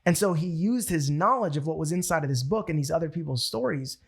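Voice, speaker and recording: A man's voice: on the high side, quick pace, gravelly, husky. A man training people in network marketing with a motivational talk, telling stories animatedly and acting out quotes. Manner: animated storytelling, acts out quotes.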